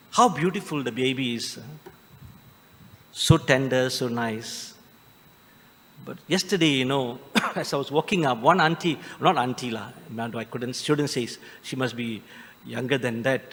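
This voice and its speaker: A Malaysian English-accented priest preaches a Christmas homily, pitched a little higher than most men. He mixes homely jokes with slow, emphatic lines, and his voice rings through the long reverb of a large church. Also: a bit bright. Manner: homely, joking, with drawn-out emphatic phrases. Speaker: Catholic priest.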